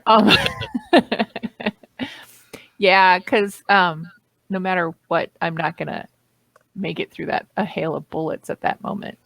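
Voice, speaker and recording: A woman playing a tabletop role-playing game, chatting in a blunt, joking way and quick to swear. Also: on the low side, fairly even intonation, gravelly, a bit bright, dry recording. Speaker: player. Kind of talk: casual chat while playing a tabletop game.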